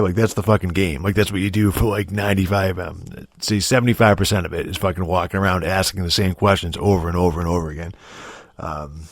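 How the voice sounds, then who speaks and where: Low voiced guy ranting on a podcast, swears constantly, sarcastic, lots of likes and ums, dead dry sound. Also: dry recording. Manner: rambling, profane, sarcastic, many fillers. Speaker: podcast host. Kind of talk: casual chat.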